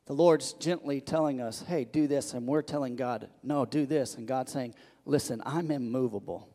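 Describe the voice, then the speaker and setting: A man's voice: mid-range voice, normal speed. Man preaching in a reverberant hall. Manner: animated, swings between loud emphasis and soft hushed lines; frequent repetitions and restarts. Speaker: pastor. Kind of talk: sermon. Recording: long reverb of a large hall.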